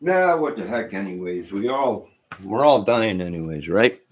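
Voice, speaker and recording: Deep, husky-voiced man, live stream host, rambling casual chat with viewers, repeats himself. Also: animated, moderate pace.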